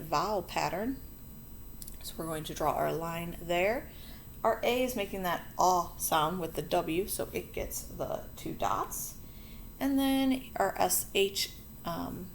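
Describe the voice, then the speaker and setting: Lady teacher going over phonics at the board, kinda low voice, chatty and patient, little background hum. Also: lively intonation, measured pace, creaky. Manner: patient, chatty, self-correcting. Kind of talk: phonics lesson, explaining board work.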